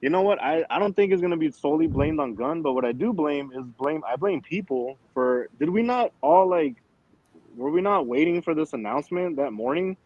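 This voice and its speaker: A man's voice: on the high side, big pitch swings, a little fast, lo-fi sound. A man hosting a casual livestream chat, rambling and swearing with lots of fillers, talking over an online call. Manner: rambling, profane, with frequent fillers. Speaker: show host.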